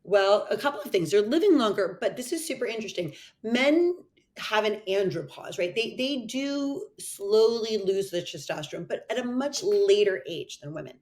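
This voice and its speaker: A woman doctor speaking as a podcast guest, animated and emphatic with quick asides. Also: medium pitch. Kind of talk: podcast interview.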